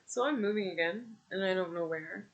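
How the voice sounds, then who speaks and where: A woman's voice: mid-range voice, a little fast, muffled recording. A young adult woman, a mother, venting casually in a personal vlog, frustrated and rambling with fillers. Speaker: vlogger and mother.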